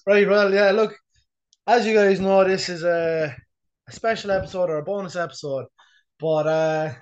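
A man's voice: high voice, moderate pace, lo-fi sound. A man co-hosting a podcast, chatting casually in a bedroom with sweary, laughing banter. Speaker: podcast co-host and personal trainer. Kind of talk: casual chat.

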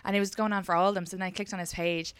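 A woman with an Irish Kildare accent hosting a podcast, telling quick anecdotes, swearing freely and laughing often. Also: mid-range voice, little pitch movement, a bit bright, clean tone, dry recording. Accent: Irish, Kildare-Midlands. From Ireland. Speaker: podcast host and comedian. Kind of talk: casual chat.

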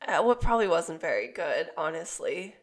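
A young woman co-hosting a podcast, hoarse and raspy from being sick, telling a rambling story with laughs. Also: on the low side, sing-song, moderate pace. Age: young adult. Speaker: podcast co-host. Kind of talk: casual chat.

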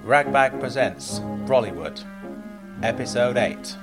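A man reading his own comic story in the first person, with a dry, deadpan delivery. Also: mid-range voice, takes it slowly, vocal fry, over music. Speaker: author and narrator. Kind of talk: first-person audiobook narration.

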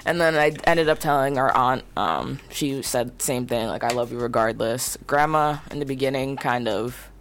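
A woman co-hosting a casual podcast, telling personal stories in a relaxed way with many "like"s and "um"s. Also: rumbling low, moderate pace, few pauses, a little hiss or hum. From United States. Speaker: podcast co-host. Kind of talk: casual conversation.

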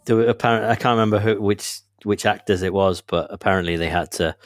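A man chatting casually as a co-host, mostly giving short, relaxed reactions. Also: fairly low pitch, fast talker, dry recording, clean studio sound. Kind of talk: casual chat.

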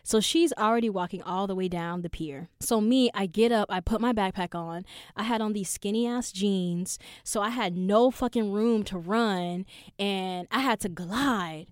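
A young woman hosting a podcast, telling a story in a casual, animated and profane way. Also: medium pitch, moderate pace, clear, resonant tone, no echo, clean studio sound. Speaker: podcast host.

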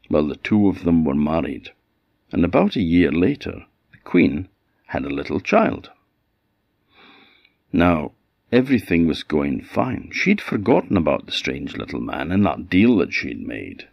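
Slow, deep-voiced Orkney storyteller. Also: male voice, vocal fry, no room sound, muffled recording. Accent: Orkney Scots. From Orkney, Scotland. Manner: unhurried, conversational telling. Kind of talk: oral folk storytelling.

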